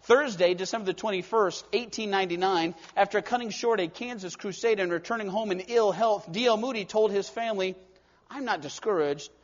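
High-voiced male preacher, muffled recording. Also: fairly quick, few pauses. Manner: storytelling, swings between soft and emphatic. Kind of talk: sermon. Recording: dull lo-fi recording.

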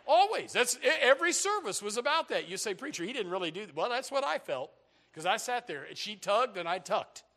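An older man preaching a sermon, animated and joking, with bursts of shouting. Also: sits high, normal speed, creaky. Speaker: pastor.

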